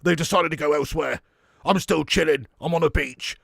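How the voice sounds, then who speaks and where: A man doing a comic impression of a gruff middle-aged male football manager, rambling and self-pitying with plenty of fillers. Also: a little high, fairly even intonation, fairly quick, fairly bright tone, dry recording, clean studio sound, exaggerated voice. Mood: grumbling. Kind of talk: comic impression in a match watch-along.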